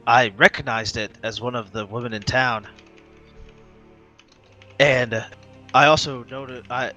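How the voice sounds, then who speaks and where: A man's voice: medium pitch, sharp tone. A man voicing an older male town master of arms who speaks bluntly and matter-of-factly.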